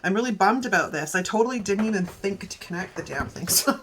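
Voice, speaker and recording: A woman's voice: lowish voice, fast talker, few pauses, fairly bright tone, a little hiss or hum. A young adult woman chatting casually as she plans, giggling and thinking aloud in a playful put-on accent. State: sore back. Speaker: planner vlogger. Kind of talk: casual plan-with-me chat.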